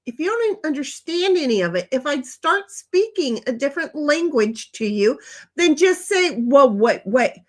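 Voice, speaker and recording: High-voiced older woman chatting bluntly. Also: big pitch swings, normal speed. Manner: blunt, rambling and profane. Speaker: livestream host reading chat. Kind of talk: casual livestream chat.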